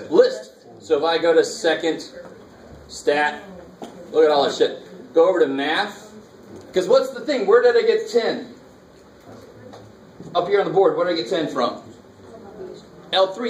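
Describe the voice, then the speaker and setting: A man teaching a college math lecture, casually walking students through calculator steps with slangy asides. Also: a little high. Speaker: math instructor. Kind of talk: classroom lecture. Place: college classroom. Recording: echoey classroom, mic far off, faint noise.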